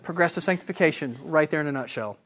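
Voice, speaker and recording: Animated man teaching the Bible. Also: on the high side, fast talker. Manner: animated and enthusiastic, asks the audience questions. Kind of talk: sermon.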